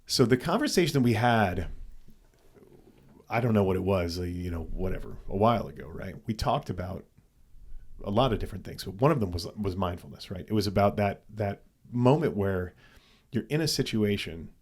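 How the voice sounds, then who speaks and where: A man's voice: fairly low pitch, lively intonation, normal speed, darkish tone. A man co-hosting a podcast, telling a story casually and animatedly, with frequent swearing and restarts. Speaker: podcast co-host.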